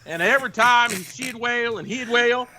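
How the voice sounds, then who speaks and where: A middle-aged man from the Ozarks telling a crude police story on a podcast in a rambling, animated way. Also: extremely high pitch, normal speed, a crowd in the background. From Ozarks, United States. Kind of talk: casual storytelling chat.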